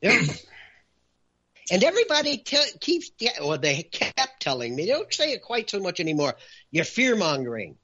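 Emphatic man with a bright, lively voice. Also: high voice, normal speed, slightly rough, lo-fi sound. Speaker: talk show guest. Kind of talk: animated opinion talk.

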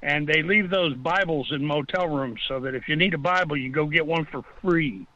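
Male caller, slightly high voice, heated storyteller on a dull phone line. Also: moderate pace, sharp tone, dry recording. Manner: impassioned, ranting storyteller. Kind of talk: call-in talk radio.

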